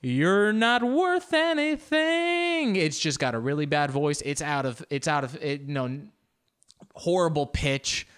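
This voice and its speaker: A man's voice: fairly even intonation, normal speed, clear, resonant tone. A man hosting his solo podcast in a casual, rambling way. He is self-deprecating and uses many fillers and restarts. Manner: pitch jumps up and down a lot. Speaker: podcast host.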